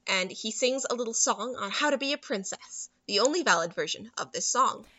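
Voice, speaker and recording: A woman's voice: on the high side, lo-fi sound, slight background noise. A woman in casual chat, retelling a movie scene by scene and quoting the characters as she goes. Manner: animated retelling with quick character quotes.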